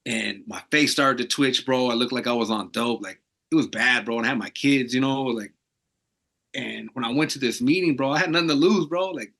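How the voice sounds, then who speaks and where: A man's voice: medium pitch, brisk, creaky, a bit bright. A man from Arizona, a podcast guest, speaking casually and earnestly, tossing "bro" into nearly every sentence. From Arizona, USA. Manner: loose slangy talk, says "bro" constantly; earnest, emotional, reflective. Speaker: podcast guest, tattoo artist. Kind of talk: casual candid storytelling.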